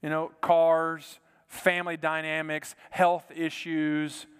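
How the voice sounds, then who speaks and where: A male pastor preaching a sermon with an earnest delivery, repeating words and dropping to a soft hush to stress a point. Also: a little high, completely flat delivery, takes it slowly, clear, resonant tone, big-room sound. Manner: earnest, repeats words, drops to soft quiet lines for emphasis.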